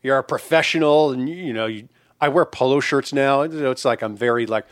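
A man's voice: medium pitch, a little fast, no echo, clean studio sound. A man in his forties hosting a podcast, joking crudely in casual chat. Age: 40s. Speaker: podcast host.

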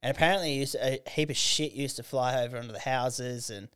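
An Australian man with a smooth, resonant voice chats on a podcast, telling stories full of swearing. He acts out the people he quotes. The sound is close and dry, with no room around it. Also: mid-range voice, fast, a bit bright, no room sound. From Canberra, Australia. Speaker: guest, comedian and hip hop artist. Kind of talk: casual podcast chat.

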